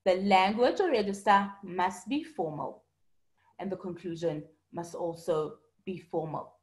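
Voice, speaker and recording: A woman's voice: fairly low pitch, measured pace. Patient woman teaching an online class. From South Africa. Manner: patient, explaining, answers students by name. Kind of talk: online lesson reading student comments.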